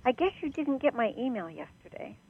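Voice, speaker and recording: A woman's voice: sits high, sing-song, fairly quick, breathy edge. A woman co-hosting a radio talk show, chatting casually and laughing easily. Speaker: radio co-host. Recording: tinny phone line, dry.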